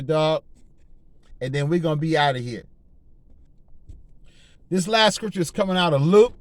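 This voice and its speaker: A fervent male preacher with a high voice that leaps up and down in pitch. He talks in loose slang, circling back over repeated phrases and restarts. The sound is dry and close, with no room echo. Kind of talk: informal preaching.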